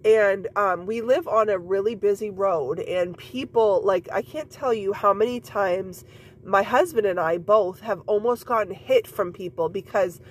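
Woman host, congested and a bit scratchy, loose rambling chat full of "like" and "um", mid-pitched. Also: unhurried. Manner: rambling, many fillers and repeats. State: stuffy nose, scratchy throat. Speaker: podcast host and mom coach. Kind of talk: casual personal chat.

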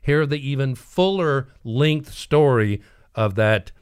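This is a man hosting a homespun podcast, swinging between a laughing storyteller and a plain reader of local news. His voice sits in an ordinary middle pitch. The recording is dry and close, with no room sound. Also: takes it slowly, smooth, no room sound. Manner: folksy, animated storyteller who laughs often. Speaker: podcast host.

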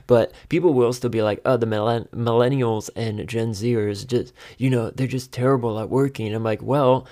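A man's voice: medium pitch, steady tone, moderate pace, dark tone. A man in his thirties talking alone on his podcast, rambling and exasperated, often laughing at himself. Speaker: podcast host. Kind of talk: casual solo monologue.

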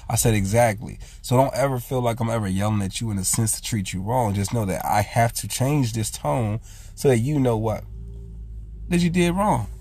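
A man with a low, gravelly voice talks in a casual, heartfelt monologue. He speaks earnestly to his viewers and keeps retelling his own words with "I said". He sounds middle-aged and sincere. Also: brisk, darkish tone. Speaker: vlog host.

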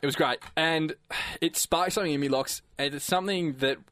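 Joking Australian bloke, dry studio sound. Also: male voice, a little high, brisk, fairly bright tone, dry recording. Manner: jokey, teasing, half-sings song lines. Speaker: radio co-host. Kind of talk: casual banter with a mate. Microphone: studio microphone.

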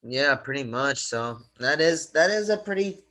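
A man co-hosting a podcast, answering quietly and agreeing in casual chat. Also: mid-range voice, animated, normal speed.

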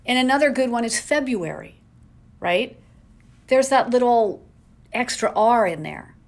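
A woman podcasting from her home, ranting with exasperated rhetorical questions. Her fairly high voice swings widely in pitch, and she talks at an unhurried pace. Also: expressive. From New England. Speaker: podcast host. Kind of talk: casual solo podcast rant.

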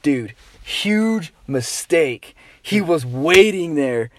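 Lively young man telling a story. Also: a little high, extremely slow, a little hiss or hum. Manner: animated, swearing, says dude a lot. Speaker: storyteller guest. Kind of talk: casual chat, telling an anecdote.

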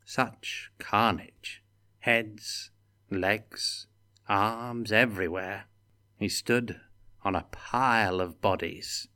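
A man's voice: fairly low pitch, big pitch swings, slow, a bit bright, heavily acted. A man reading a story aloud and voicing a wry, reluctant young male adventurer with a dry, sardonic manner.

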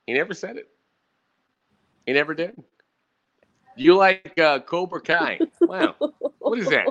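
A man's voice: a little high, very animated, unhurried, a bit bright. A man in his thirties hosting a casual podcast chat, ranting and swearing while talking straight to the audience. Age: 30s. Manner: profane, ranting, talks to the audience. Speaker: podcast host. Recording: dull lo-fi audio.

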